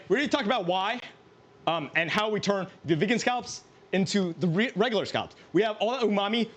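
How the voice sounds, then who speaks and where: A man's high, fairly bright voice carries his cooking stream. Casual and rambling, he jokes at his own expense and keeps breaking into laughter.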